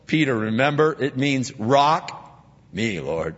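Animated preacher in a reverberant hall. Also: male voice, mid-range voice, measured pace, slightly rough. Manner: animated, acts out biblical figures in dialogue. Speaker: pastor. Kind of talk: sermon. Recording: dull sound with long hall reverb.

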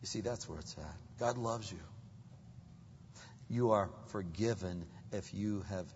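A man with a husky voice preaching a sermon as pastor, swinging from loud, rising exclamations to hushed low asides and throwing rhetorical questions at the congregation. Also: a little slow, slight background noise. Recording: dull, long-reverb hall sound.

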